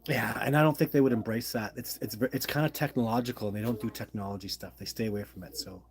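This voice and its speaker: A man's voice: fairly low pitch, fairly even intonation, quick pace. A middle-aged man hosting a casual livestream, chatting and reading viewer comments aloud in a friendly, apologetic way. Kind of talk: casual live-stream chat.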